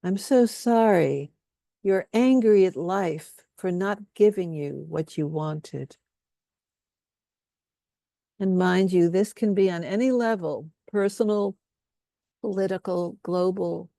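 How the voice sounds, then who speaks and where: Woman workshop leader, calm guided-healing delivery, dry close sound, lowish pitch. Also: gravelly, dry recording. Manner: slow, soothing, leads repeated statements.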